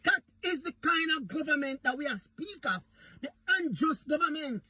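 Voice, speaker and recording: A man's voice: very high voice, sing-song, moderate pace, pushed and bright, no echo. A man with a Jamaican accent delivering an impassioned political rant, repeatedly calling out to his audience. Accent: Jamaican Patois. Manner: fiery, preachy, repeatedly addresses Jamaica. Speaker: political commentator.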